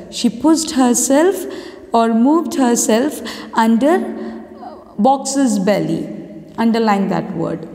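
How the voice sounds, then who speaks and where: A woman teacher with an Indian English accent reads a story aloud slowly and pauses to explain words. Her voice sits fairly high. The room has a long, echoing reverb. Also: mellow. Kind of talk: online class reading lesson.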